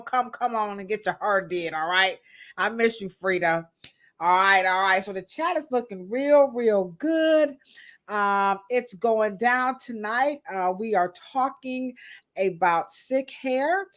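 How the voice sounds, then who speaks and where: A woman in her thirties hosts a live podcast in a loose, playful way, greeting viewers in the chat by name. Her voice sits a little on the high side. She keeps the chat casual and full of jokes. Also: fairly bright tone. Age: 30s. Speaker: podcast host.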